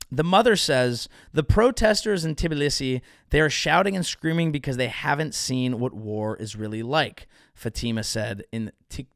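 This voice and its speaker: A young male comedian from the Bay Area delivers a comedic news monologue, full of wry asides that poke fun at himself. His voice sits a bit high for a man. The recording is dry and close, with little room sound. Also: gravelly, a bit bright, dry recording. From San Francisco Bay Area, USA. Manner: wry, self-mocking asides. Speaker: comedian host.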